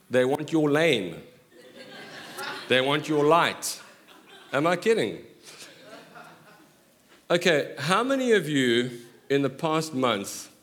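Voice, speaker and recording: A middle-aged man preaching a sermon in an animated way, joking with quick asides. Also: medium pitch. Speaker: pastor.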